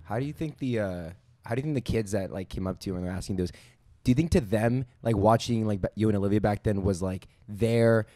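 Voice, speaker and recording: A man from Washington State hosting a podcast, asking questions rapid-fire in casual chat. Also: lowish voice, warm tone, no room sound. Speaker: podcast host.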